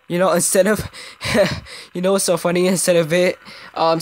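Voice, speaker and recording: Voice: medium pitch, fairly even intonation, normal speed. A young gamer giving casual, joking commentary while playing and talking to viewers. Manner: joking, chatty, talks to viewers. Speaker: gameplay video host.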